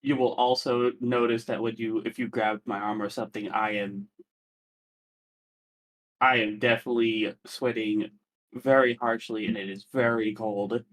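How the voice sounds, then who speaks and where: A man's voice: lowish voice, fairly even intonation, moderate pace, a bit bright, low-quality recording. A man playing a tabletop game, describing his character's actions with restarts and laughs. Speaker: player. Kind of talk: casual tabletop role-play.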